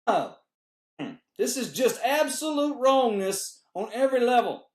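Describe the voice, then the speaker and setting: A man doing a comedic monologue, jumping between high exclamations and low muttered asides. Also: very animated, a little slow. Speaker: comedian host. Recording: roomy echo.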